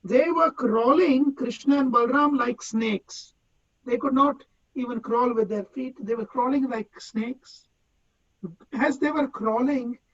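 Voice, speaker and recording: Slow, deliberate man teaching scripture. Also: very high voice, dull audio. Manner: recites Sanskrit verse then explains word by word. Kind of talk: devotional scripture class.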